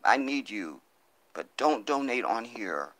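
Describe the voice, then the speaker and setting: A man's voice: medium pitch, big pitch swings, takes it slowly, a bit bright, no room sound. A man hosting a live stream, reading viewer comments and pleading for donations in an impassioned, profane way, on a phone mic. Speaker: livestream host.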